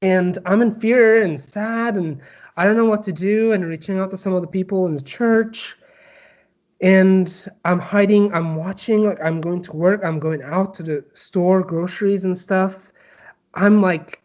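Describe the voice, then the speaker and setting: A young man from Turkey with a Turkish accent, telling his personal story as an interview guest, halting with many fillers and restarts. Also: sits high, steady tone, a little mellow, muffled recording.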